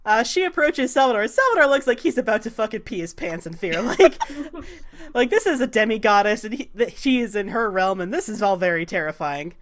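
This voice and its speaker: A woman narrating a tabletop game as game master in a relaxed manner with many fillers. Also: medium pitch, brisk.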